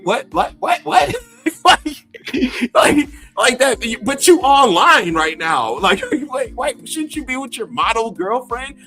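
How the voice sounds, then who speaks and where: A man's voice: sits high, bright, forceful tone. A man in his fifties, a gaming YouTuber, ranting to camera with profanity and scornful laughter. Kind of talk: heated rant to camera.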